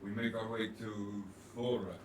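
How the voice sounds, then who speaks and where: A man playing a tabletop game in character, calm and matter-of-fact. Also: fairly low pitch, a little slow, distant mic, a little hiss or hum. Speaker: player. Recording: echoey, off-mic.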